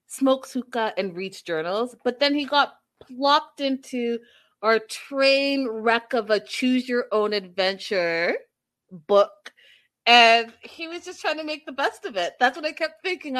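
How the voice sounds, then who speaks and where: A woman giving a casual, animated recap of a reality show, acting out quotes and laughing as she goes. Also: a little high.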